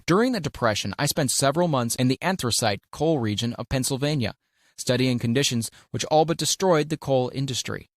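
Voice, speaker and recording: A man narrating an audiobook at a middle pitch, reading in a measured, deliberate way with firm stresses on key words. The recording is close and dry, with no room sound around the voice. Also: animated, no echo. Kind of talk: scripted audiobook narration of a self-help classic.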